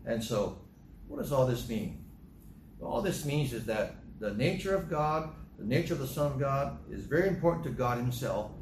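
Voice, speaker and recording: A man's voice: lively intonation, moderate pace, darkish tone. A man preaching a sermon, reading scripture aloud and stressing key verses with rising emphasis. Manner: emphatic, rises in pitch on key scripture lines. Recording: echoey room with faint ambient noise.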